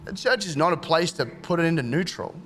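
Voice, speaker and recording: A man, preaching a sermon in a relaxed, joking way and acting out short quoted exchanges. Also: fairly high pitch. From Australia. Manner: conversational and jokey, acts out quick quoted exchanges. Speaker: pastor.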